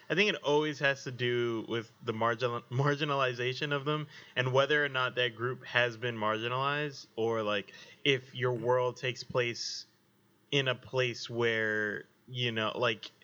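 A man co-hosting a casual podcast chat, animated, rambling and profane. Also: medium pitch, muffled recording.

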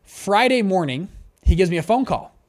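A man with a somewhat high voice teaches investing at a whiteboard. He talks in a brisk, conversational way and often restarts his sentences as he explains. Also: animated, a little mellow. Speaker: fund manager teaching investors. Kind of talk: whiteboard lesson.

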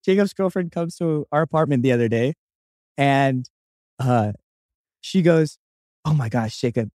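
A man's voice: mid-range voice, unhurried, darkish tone, no echo. Teasing young man, dry podcast humor. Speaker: podcast co-host. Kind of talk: casual chat.

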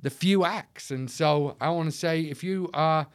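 A man's voice: a little high, measured pace. A man talking as an interview guest in a passionate, rhetorical way, often leaning on quotes to rally listeners. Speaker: guest, leader of an anti-trafficking charity. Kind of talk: conversational interview.

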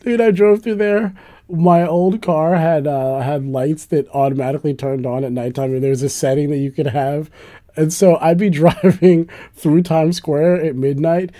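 A man in casual conversation, rambling and animated, laughing often and swearing now and then. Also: a little high, moderate pace. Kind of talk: casual chat.

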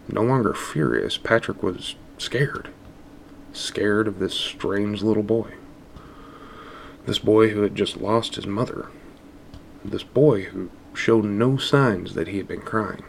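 A man reads a dark story aloud in a measured, even way. His low voice carries a gravelly fry. Faint ambience hums behind him. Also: slight background noise. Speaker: narrator. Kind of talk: audiobook narration of a dark story.

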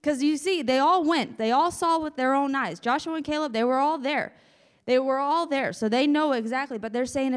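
A woman preacher reads Scripture and adds chatty asides, calling on listeners to say amen. Her voice sits fairly high. A long reverb from the hall hangs behind her. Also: normal speed. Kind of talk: sermon with Bible reading.

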